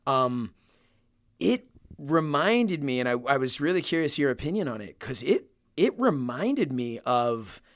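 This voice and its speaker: Young guy cohosting a podcast, laughs a lot, rambly, mid pitch, dry close sound. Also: sing-song, unhurried, no echo. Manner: laughs often, rambling with many fillers. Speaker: podcast co-host. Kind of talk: casual chat.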